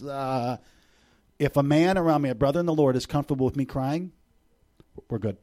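A middle-aged man, visiting a congregation to preach, gives an animated sermon that moves from loud bursts to hushed, intimate stretches, with joking asides mixed in. He talks a little fast in a mid-range voice.

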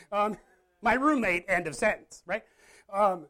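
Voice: mid-range voice, a little slow, bright, forceful tone. A pastor giving a casual, conversational sermon to a live audience, often checking in with listeners and joking at their own expense. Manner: chatty, self-deprecating, asks the audience questions. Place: church or meeting room with a live audience.

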